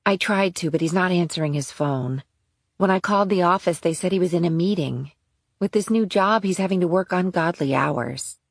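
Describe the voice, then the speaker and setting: A trembling young mother, as a man puts her on in a whispered role-play, pitched far up and set back from the mic. She talks in a frantic, worried rush. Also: normal speed, creaky, no room sound, clean studio sound. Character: frightened young mother, anxious woman.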